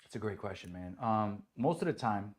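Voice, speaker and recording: A man who voices a superhero, chatting as an interview guest in an office, telling lively stories, acting out what people said and laughing often. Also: on the low side, moderate pace. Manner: animated storyteller who acts out quotes and laughs often. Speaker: voice actor guest. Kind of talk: casual interview chat. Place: indoors at a toy company office.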